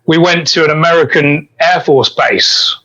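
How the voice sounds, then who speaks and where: Bright-voiced middle-aged man telling stories. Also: a little high, normal speed, lo-fi sound. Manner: easygoing anecdotal storyteller. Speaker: podcast guest, fitness coach. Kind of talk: casual interview storytelling.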